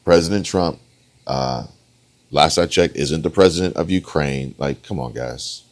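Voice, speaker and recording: A man's voice: rumbling low, unhurried. A man giving emphatic reaction commentary, repeating his points and talking straight to his viewers. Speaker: political commentator.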